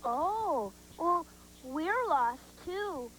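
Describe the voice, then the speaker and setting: A woman voicing Dumbo as a gentle, kind young elephant on a children's TV show, talking in a soft, reassuring, unhurried way. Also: very high voice, lively intonation, slight background noise, full character voice, poor audio.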